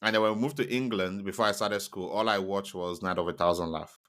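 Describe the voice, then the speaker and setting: A young man co-hosting a casual podcast chat, relaxed, with stammering restarts. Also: low voice, fast. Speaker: podcast co-host.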